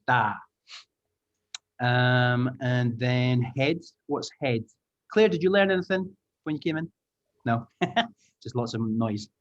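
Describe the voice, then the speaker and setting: A man leading an online language-teaching taster class, upbeat and encouraging, explaining sounds step by step. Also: medium pitch. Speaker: English teaching trainer. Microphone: video call. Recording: muffled video-call audio.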